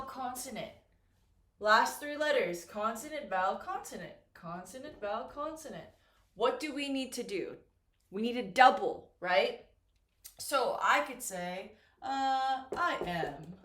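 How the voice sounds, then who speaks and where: A woman's voice: high voice, lively intonation, slow, fairly bright tone. A woman teaching English, explaining grammar patiently and repeating key words while checking that her students follow. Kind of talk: slow, clear classroom explanation. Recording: echoey room.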